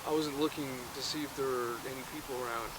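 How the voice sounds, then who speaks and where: A man voicing a sulky teenage boy who answers in flat, sullen lines. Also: mid-range voice, quick pace, lightly acted. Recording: noisy outdoor background.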